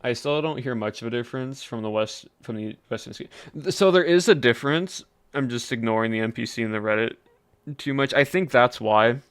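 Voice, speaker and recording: A man's voice: medium pitch, a little fast, fairly bright tone, clear, resonant tone, dry recording. A young man streaming a game, chatting casually and rambling to his chat. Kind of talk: casual livestream chat while gaming.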